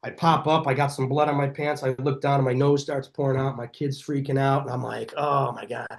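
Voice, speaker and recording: A middle-aged man speaks as a guest on a podcast, in a voice of ordinary, middle pitch. He tells his stories with energy and acts out the voices of the people in them. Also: a little fast, creaky. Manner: energetic, animated storyteller who acts out quoted dialogue. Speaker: chiropractor guest. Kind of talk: podcast interview storytelling.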